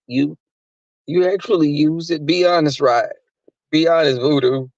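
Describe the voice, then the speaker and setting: A man's voice: on the high side, moderate pace, no room sound. A man hosting a livestream, talking crudely and rambling in casual chat, often laughing. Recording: dry muffled recording.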